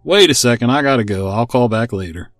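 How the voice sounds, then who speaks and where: A man's voice: medium pitch, animated, fairly quick, dry recording, studio quality, lightly acted. A man reading as a friendly, clueless foreman. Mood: casual. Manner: friendly, casual. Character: easygoing male construction foreman, friendly and clueless.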